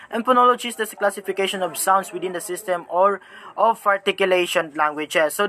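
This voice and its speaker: A young Filipino man with a Filipino accent gives a halting classroom report, pausing and searching for words as he switches languages mid-sentence. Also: sits high, bright, forceful tone. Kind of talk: informal classroom explanation.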